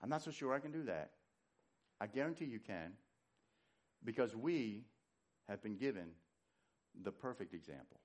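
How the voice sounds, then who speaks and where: A man preaching a sermon, animated, swinging from loud emphatic lines to hushed low ones. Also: moderate pace, pauses often. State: winded. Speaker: pastor.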